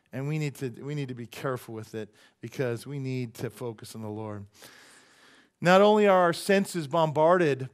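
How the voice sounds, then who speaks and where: A middle-aged pastor preaches in a loose, conversational way, cracking jokes and checking in with the congregation. His voice sits a little higher than most men's. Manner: conversational, joking, asks the congregation questions. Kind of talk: sermon.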